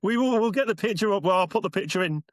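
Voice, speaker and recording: A man's voice: high-pitched, expressive, quick pace, no echo. A young man with a Northern English accent co-hosting a podcast in casual chat, rambling and laughing often. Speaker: podcast co-host and streamer.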